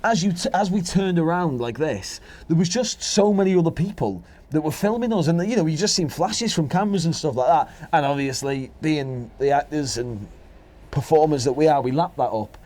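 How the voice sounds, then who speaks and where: Young man, Welsh accent, podcast co-host, casual chat, rambling storyteller, mellow dark tone. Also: on the high side, animated, moderate pace. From Wales. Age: young adult. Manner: rambling, chatty anecdote-telling.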